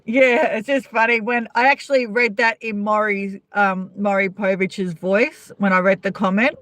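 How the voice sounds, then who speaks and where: A woman's voice: medium pitch, steady tone, moderate pace, a bit bright, no echo. A woman with an Australian accent hosting a casual live-stream chat, gossiping and answering viewers' comments by name. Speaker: vlogger chatting with live viewers.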